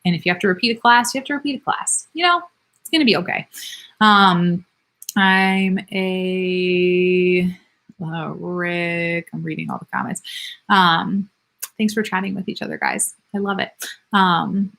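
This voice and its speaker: Speaking a little slowly, this woman has a voice on the low side with a touch of brightness. A nurse practitioner in her thirties, she takes viewer comments in a live Q&A, candid, chatty and quick to laugh at herself.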